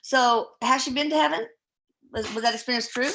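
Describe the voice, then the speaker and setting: A woman hosting a live podcast who reads viewer questions aloud in a relaxed, chatty way and stumbles over names. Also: fairly high pitch, fairly quick, vocal fry, slight background noise. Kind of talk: casual live-stream chat.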